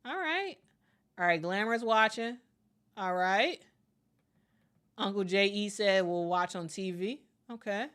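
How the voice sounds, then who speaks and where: A woman's voice: mid-range voice, expressive, slow pace, pauses often, a bit bright, clean tone. A woman hosting a live stream, chatting casually with viewers, full of fillers and repeated words, upbeat when she thanks people. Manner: friendly, upbeat when reading viewer messages.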